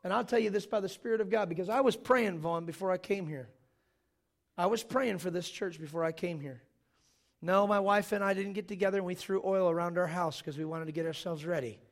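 Male preacher in a church, high gravelly voice, jokey animated storytelling. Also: a little fast. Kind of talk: sermon.

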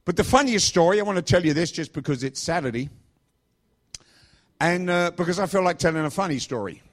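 A man's voice: a little high, animated, a little fast. A middle-aged man from England preaching in a chatty, joking storytelling style. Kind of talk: storytelling sermon.

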